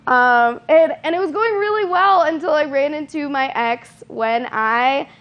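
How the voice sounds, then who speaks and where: A young woman doing a stand-up set on stage, her voice sitting a little high. She delivers self-deprecating lines deadpan, filling gaps with ums and quick laughs. The live recording sounds dull and lo-fi. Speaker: stand-up comedian. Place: comedy stage.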